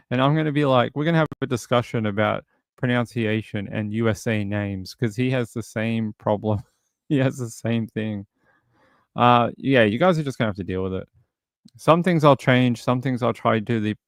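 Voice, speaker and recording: A man's voice: fairly low pitch, creaky, no echo, studio quality. A man casually commenting on a true crime case during a livestream, reading and answering chat, rambling with lots of fillers. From outside the US. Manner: rambling, many fillers and restarts.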